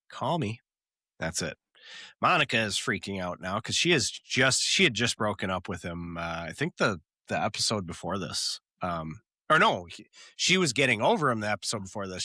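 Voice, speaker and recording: Male podcast co-host, lively pitch, chatty episode recap. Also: normal speed, no echo, clean studio sound. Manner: animated retelling with laughs and fillers. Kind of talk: casual chat recapping a TV episode.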